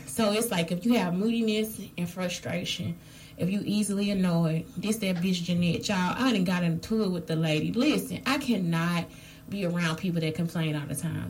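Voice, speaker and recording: A woman's voice: fairly low pitch, darkish tone, slight background noise, low-quality recording. A woman vlogger telling a story in a casual rant, blunt and profane, speaking straight to her viewers.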